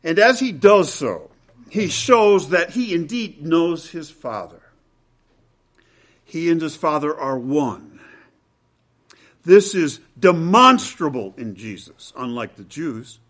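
A man preaching a sermon with dramatic, emphatic delivery, swinging between loud and hushed lines. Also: a little high.

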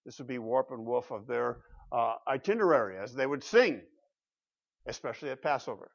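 A man's voice: mid-range voice, lively intonation, a little fast, gravelly. A middle-aged man preaching a sermon as pastor, emphatic, asking the congregation rhetorical questions. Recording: dull lo-fi sound.

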